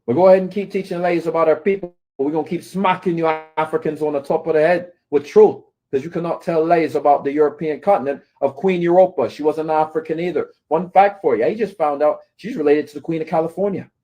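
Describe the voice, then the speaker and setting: Here a man with a slightly high, mellow voice talks fast with few pauses. As a commentator, he rants to camera against his critics, scolding, taunting, and repeatedly asking "right?".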